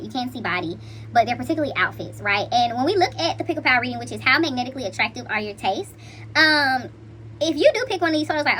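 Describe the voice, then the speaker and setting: A woman's voice: high voice, sharp tone, slight background noise. A woman hosting a casual tarot reading, talking in a playful, slangy and chatty way to her viewers. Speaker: intuitive card reader.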